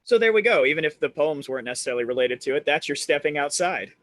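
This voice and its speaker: Man, open mic host, lively pitch, encouraging, slightly high voice. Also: fast, dry recording. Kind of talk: casual chat.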